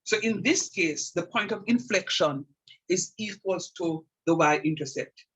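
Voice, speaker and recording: A man's voice: high-pitched, unhurried, a bit bright, husky, low-quality recording. A middle-aged man teaching a calculus lecture, repeating key points with emphasis and checking that students follow. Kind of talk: classroom math lecture.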